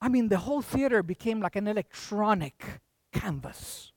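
An older preacher giving a lively sermon, shifting between hushed asides and loud bursts. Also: medium pitch, normal speed, no room sound, clean studio sound. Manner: animated, jumps from hushed to loud.

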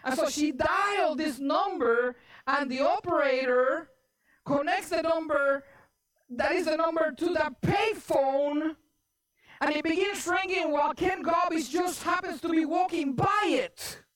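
A woman preacher telling a story in an animated sermon, often repeating words and getting loud and emphatic. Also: high voice, a little slow.

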